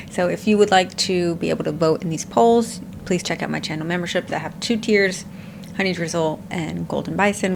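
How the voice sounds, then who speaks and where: A woman's voice: fairly low pitch, vocal fry, background noise. A woman hosting a reaction channel, giving blunt, candid commentary and swearing offhand.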